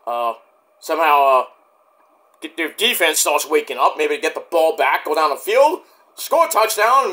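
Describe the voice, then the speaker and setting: Bright lively-voiced man reviewing wrestling. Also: a little high. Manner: rambling, profane, jokey. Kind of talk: casual review monologue.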